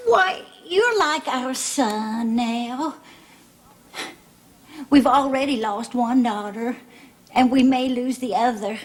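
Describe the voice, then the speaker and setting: A woman's voice: on the high side, takes it slowly, long pauses. An actress playing a fretful middle-aged mother in a 1970s TV soap, fussing, scolding and pleading.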